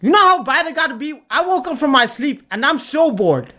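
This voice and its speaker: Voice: high-pitched, very animated, fairly quick, pushed and bright. A young adult streamer ranting to a live chat in a tier-list commentary, repeating points emphatically and swearing often. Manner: repetitive, emphatic, swears a lot. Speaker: livestreamer talking to chat.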